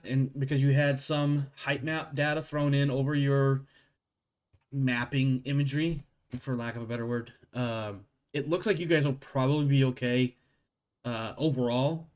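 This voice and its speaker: A man running a tabletop role-playing game, narrating events casually with quick self-corrections and laughs. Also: mid-range voice. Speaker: game master.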